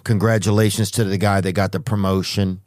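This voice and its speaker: A man's voice: on the low side, level tone, a little fast, darkish tone, no echo, studio quality. A man hosting a podcast, telling comic stories in a rambling way with restarts and asides. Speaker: podcast host. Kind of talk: comedic storytelling monologue.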